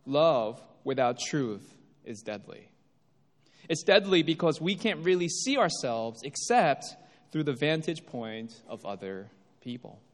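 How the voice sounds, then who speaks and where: Male pastor, lively swinging pitch, fairly high voice, emphatic sermon, long hall reverb. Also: a little slow. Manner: emphatic, rises and drops for effect.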